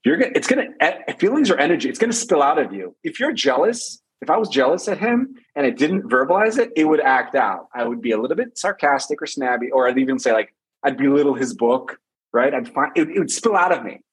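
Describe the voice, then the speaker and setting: Husky-voiced man giving relationship advice. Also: on the high side, quick pace, poor audio. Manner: animated storytelling with repeated phrases. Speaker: relationship coach guest. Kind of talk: conversational advice.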